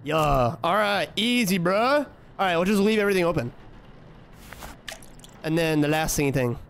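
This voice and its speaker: Trash-talking the characters and swearing freely, a young man talks to himself while streaming a horror let's-play, shifting into frantic yelling when scared. His voice is a little high and creaky, with lively intonation at a moderate pace, and a little hiss or hum.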